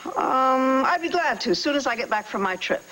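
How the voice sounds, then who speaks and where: A woman's voice: high voice, lively intonation, normal speed, pushed and bright, a little hiss or hum, rough recording. A hesitant, hedging woman. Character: hesitant evasive woman, former records keeper. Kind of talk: 1980s TV soap opera acting. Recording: old TV broadcast recording.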